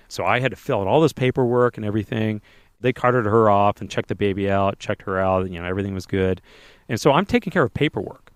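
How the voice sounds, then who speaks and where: A man co-hosting a podcast, telling a lively personal anecdote in a casual way. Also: on the low side, fast talker, no echo, studio quality. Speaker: podcast co-host telling a story. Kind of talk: casual storytelling.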